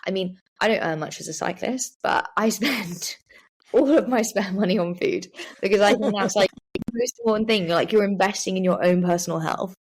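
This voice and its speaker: A woman's voice: mid-range voice, brisk. A young woman, chatting casually as a guest on an interview podcast, with lots of fillers and "like"s. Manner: chatty, many fillers and likes. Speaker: guest, professional cyclist.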